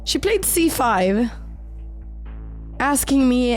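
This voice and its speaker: A woman narrating her own chess game in a calm, measured voice-over, slightly sick with an occasional crack in her voice. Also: fairly high pitch. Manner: calm, measured storytelling of moves. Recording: voice-over with faint background music.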